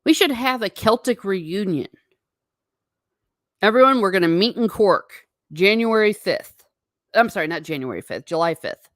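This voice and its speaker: A woman hosting a casual livestream from home, chatting with viewers in a wandering way and breaking off into quick asides to herself. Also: medium pitch, expressive, no room sound, studio quality. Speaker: livestream host.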